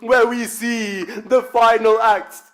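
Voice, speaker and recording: A British man delivers a memorial sermon, telling the story through quoted dialogue. His voice sits high for a man, and at moments the telling swells into a near-chanted, emotional recital. He speaks as the speaker at a gathering in a religious centre. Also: flat delivery, slow pace.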